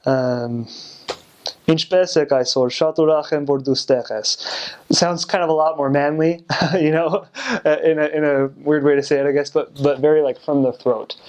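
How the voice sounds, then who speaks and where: A man's voice: a little high, smooth. Hesitant young American man. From United States. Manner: hesitant, many fillers and restarts. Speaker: returned missionary. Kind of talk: casual explanation.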